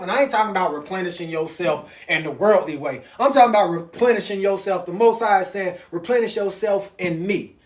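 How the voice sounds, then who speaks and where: A man preaching an informal sermon, reading passages aloud and then explaining them in loose, conversational talk with sudden emphatic rises. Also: sits high. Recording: roomy, distant sound.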